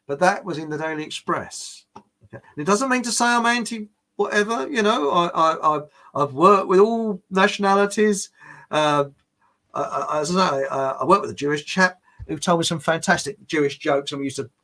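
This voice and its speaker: A man's voice: on the high side, lively intonation, moderate pace, sharp tone. An older man with a British accent talks through a casual livestream and reads viewer comments as he goes. His voice sits a little above the usual male range. He chuckles often and rambles, restarting his sentences. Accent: British English. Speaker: livestream host.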